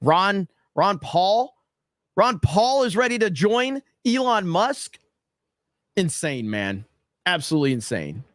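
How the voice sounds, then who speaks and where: A male streamer with a slightly high voice, recorded close and dry with no room sound. He reads chat comments aloud in casual livestream commentary, blunt, excitable and quick to swear. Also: dry recording. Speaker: streamer reading live chat.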